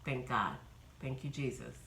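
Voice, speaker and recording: A woman's voice: very deep voice, very animated, unhurried, a bit bright, echoey room, a little hiss or hum, poor audio. A woman in her fifties from New York, chatting casually in a rambling vlog update with many ums. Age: 50s. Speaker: vlogger.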